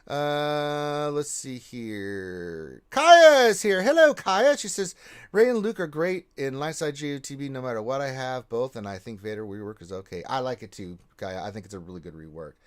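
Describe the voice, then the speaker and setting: A man hosting a casual gaming livestream, reading out chat messages and giving loud shout-outs to viewers. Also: medium pitch, lively intonation, normal speed, smooth.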